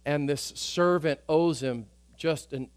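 High-voiced man preaching with emphasis. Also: takes it slowly, dry recording. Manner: emphatic, swings between loud urgent passages and quiet soft ones. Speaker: pastor. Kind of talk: sermon.

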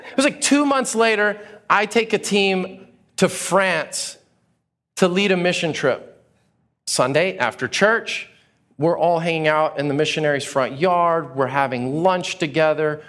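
A man preaching a sermon, telling a personal story with animated, acted-out reactions. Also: fairly high pitch. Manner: animated storyteller, acts out his own reactions. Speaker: pastor.

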